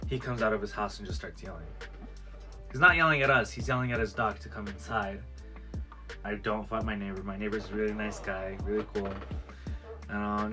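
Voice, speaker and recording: A man vlogger telling a personal story in a casual storytime video, acting out what people said. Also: lowish voice. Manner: animated storyteller who acts out quoted lines. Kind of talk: storytime vlog.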